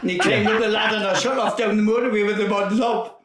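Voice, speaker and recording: Man, 50s, guest storyteller, a touch high-pitched, rambling and sweary, roomy echo. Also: fairly even intonation, fast, crowd noise. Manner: rambling, laughing, swears freely. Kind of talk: casual storytelling chat.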